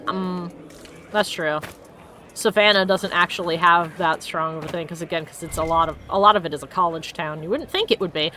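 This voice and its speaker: A woman streaming a video game, chatting casually, reacting loudly and laughing often. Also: on the low side, a little fast, a little hiss or hum. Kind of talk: casual let's-play chat.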